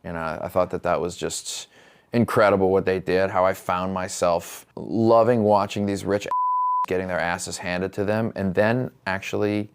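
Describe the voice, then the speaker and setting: Man, very low voice, gravelly, casual interview guest, eager recommendations. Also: fairly even intonation, moderate pace, slight background noise. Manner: enthusiastic, conversational recommendations. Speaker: actor and filmmaker guest.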